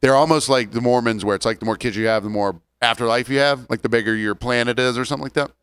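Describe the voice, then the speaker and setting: Smooth-voiced man in his forties, ranting. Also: mid-range voice, fairly even intonation, a bit bright. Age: 40s. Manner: joking, ranting, drawn-out storytelling. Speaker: podcast co-host. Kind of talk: casual chat.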